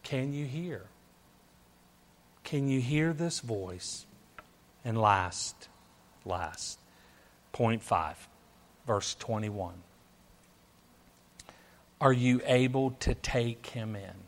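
A man's voice: medium pitch, animated, very slow, pauses often. A man preaching a sermon, emphatic and repetitive, firing off rhetorical questions to his listeners.

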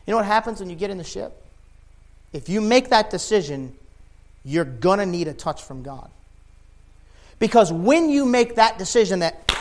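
A man preaching a sermon with passion, rising to loud shouts and dropping to quiet, low lines. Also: sing-song, moderate pace, pauses often. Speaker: pastor.

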